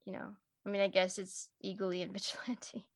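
A woman co-hosting a casual podcast chat about a TV show, animated and swearing freely. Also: mid-range voice, normal speed. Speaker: podcast co-host.

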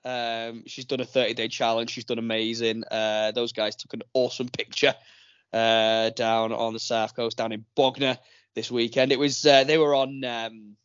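A man's voice: mid-range voice, flat delivery, normal speed, fairly bright tone, smooth, no echo. Chatty man hosting a podcast. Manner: chatty, rambling with many fillers. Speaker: podcast host. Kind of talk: casual podcast chat. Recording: dull, dry lo-fi recording.

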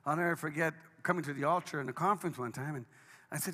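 A pastor preaching to his congregation in a high, ringing voice that drops low and quiet, then climbs to shouts. His tone is bright and forceful, and the sound carries a long hall reverb from the church sanctuary. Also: quick pace. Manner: dynamic preaching, swings between hushed and shouted. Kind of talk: sermon.

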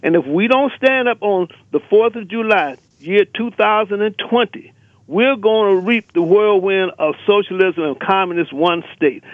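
A male caller comes through a thin, tinny telephone line, his voice pitched fairly high and completely dry. He talks in a fiery, emphatic way, piling up rallying lists as he drives his point home. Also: dry recording. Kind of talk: impassioned radio call-in rant.

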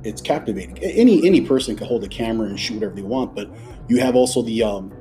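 A man's voice: lowish voice, animated, very fast, warm tone, faint music behind. A man hosting a podcast in casual, chatty talk, effusive and full of loose restarts. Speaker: podcast host.

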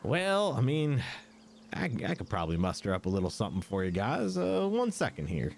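Man doing a friendly drawling barkeep, generous, lively swings in pitch. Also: fairly quick, a little hiss or hum, natural voice. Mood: grateful. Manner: drawling folksy speech with y'all. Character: folksy male tavern keeper, friendly and generous.

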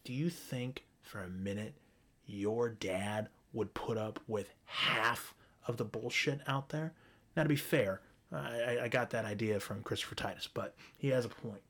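A man's voice: mid-range voice, unhurried, fairly bright tone. Profane, ranting man. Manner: frequent restarts and stumbles. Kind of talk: solo opinion rant.

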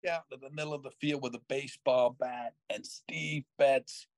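Older man telling a lively story, dry sound. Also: mid-range voice, normal speed, dry recording. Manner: animated storyteller, jumps between voices, self-mocking. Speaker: podcast host. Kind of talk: storytelling in casual chat.

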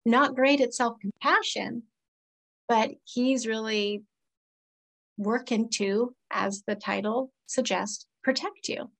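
A woman's voice: fairly high pitch, slow pace, vocal fry, poor audio. A woman speaking as a therapist in a casual conversation, earnest and reflective. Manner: earnest, reflective, quotes clients in lively voices. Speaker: therapist guest.

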